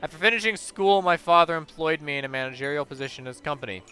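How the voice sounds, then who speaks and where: A man's voice: a little high, fast, bright, forceful tone. A man voicing a pompous, self-satisfied factory owner in his sixties who hosts a gala, speaking in formal, flowery phrases. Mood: proud. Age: 60s. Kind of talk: reading game dialogue aloud.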